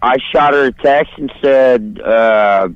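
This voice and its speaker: A man's voice: mid-range voice, slow. Crude rambling male caller, lo-fi line. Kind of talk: profane call-in storytelling. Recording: dull lo-fi phone line.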